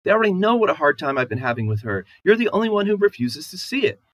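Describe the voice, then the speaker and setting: A man reading aloud and voicing a distraught young wife, shrill and aggrieved, pleading through tears. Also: very animated, quick pace, low-quality recording.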